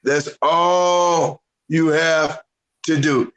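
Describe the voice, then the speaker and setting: A man co-hosting a casual podcast chat, telling stories in an animated, lecturing way. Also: on the high side, slow pace, poor audio. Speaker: podcast co-host.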